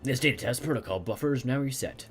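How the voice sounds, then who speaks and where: A man's voice: mid-range voice, fast, soft background music. Man reading game text aloud. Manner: reads narration steadily, mutters casual comments. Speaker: let's play gamer.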